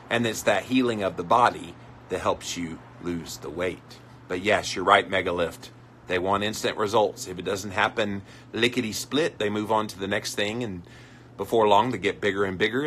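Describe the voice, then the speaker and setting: Male live-stream host, lower voice with a bright forceful edge, chatty and reactive. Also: a little hiss or hum. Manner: conversational, reads out comments and reacts with mock voices. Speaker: health podcaster hosting a live stream. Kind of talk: casual live-stream chat answering viewer comments.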